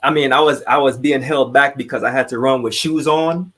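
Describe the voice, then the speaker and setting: Animated veteran man telling war stories. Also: medium pitch, fairly quick. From Trinidad. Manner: animated, emphatic, addresses listeners directly. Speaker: podcast guest, army veteran. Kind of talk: casual storytelling.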